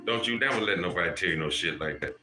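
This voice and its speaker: A man's voice: low voice, fast talker. Guy ranting live to his chat, cussing and preaching, echoey room, music going behind. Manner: profane, preachy, calls out to chat viewers. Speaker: livestream host. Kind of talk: preachy livestream rant.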